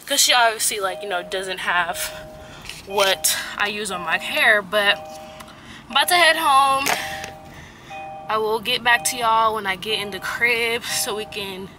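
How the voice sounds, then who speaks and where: A vlogger in her twenties from Atlanta, Georgia, talks in a mid-range voice over a noisy background. She's chatty and upbeat, full of loose slang.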